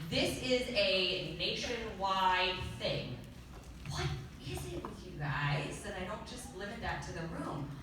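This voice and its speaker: A woman's voice: mid-range voice, heavy reverb, recorded from a distance, noisy background. A woman fitness trainer giving a candid, chatty motivational talk on stage to a crowd of coaches. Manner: chatty, candid, acts out quotes, laughs often. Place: large event hall with live crowd.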